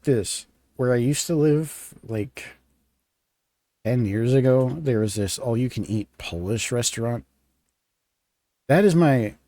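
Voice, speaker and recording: A man's voice: medium pitch, a little mellow. A man streaming a game, chatting casually and rambling with lots of fillers and restarts. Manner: rambling, filler-heavy, self-interrupting. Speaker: gaming streamer. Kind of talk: casual live-stream chat.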